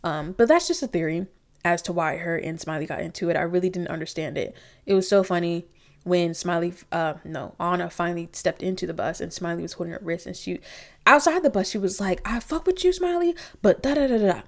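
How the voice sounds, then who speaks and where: Animated young woman reviewing reality TV. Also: on the low side, fairly quick. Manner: animated, profane, acts out quotes in exaggerated voices. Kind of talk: casual episode review. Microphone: computer mic.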